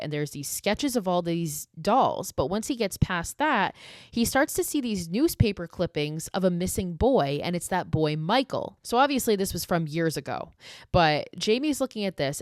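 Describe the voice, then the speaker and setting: A woman's voice: lowish voice, dry recording, studio quality. A woman hosting a podcast, casually recapping a horror film in a profane, sarcastic storytelling manner. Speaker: podcast host.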